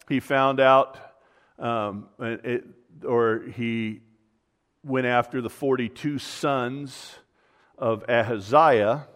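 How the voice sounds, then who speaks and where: A man's voice: mid-range voice, fairly even intonation, very slow, a bit bright, big-room sound. A man preaching an informal sermon, retelling a Bible story conversationally with many fillers and restarts.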